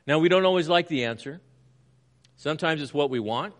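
A middle-aged man preaching a sermon in an earnest way, moving between quiet reflection and emphatic points. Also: mid-range voice, a little fast. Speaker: pastor.

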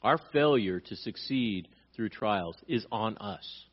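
A man's voice: on the low side, animated, takes it slowly, husky, highs cut off. Man preaching with emphatic rhetorical questions. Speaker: pastor. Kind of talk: sermon.

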